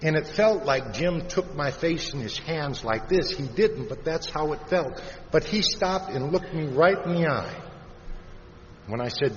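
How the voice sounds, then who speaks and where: A man's voice: mid-range voice, expressive. Iowa man telling his story in a hall. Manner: plain-spoken storyteller, drops soft and slow on heavy moments. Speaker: recovery meeting speaker. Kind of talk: personal recovery story told to a live audience. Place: large convention hall. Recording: dull, reverberant hall recording with faint hiss.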